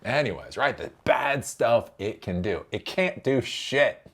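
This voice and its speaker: A man's voice: mid-range voice, big pitch swings, measured pace, a bit bright. A man hosting a tech commentary channel, ranting sarcastically and with profanity and often repeating himself with a rhetorical "right?".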